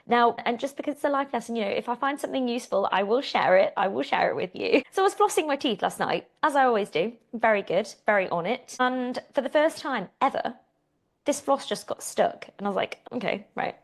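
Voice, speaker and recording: A British woman hosting a fitness Q and A podcast, chatty and animated, telling stories with a laugh. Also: on the high side, a little fast. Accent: British English. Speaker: fitness coach and podcast host. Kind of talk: casual Q and A podcast chat.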